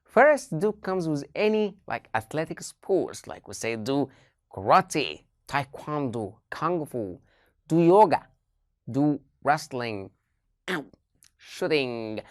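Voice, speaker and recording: A woman's voice: low voice, very animated, slow, dry recording, studio quality. A woman teacher gives an online English lesson, asking her students many questions and repeating key phrases.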